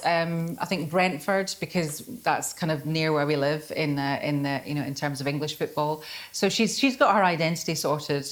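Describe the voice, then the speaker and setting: A middle-aged Scottish woman, an author speaking at a live book festival in a chatty, self-deprecating way, laughing often. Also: lowish voice. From Scotland. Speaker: author guest. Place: festival venue before an audience.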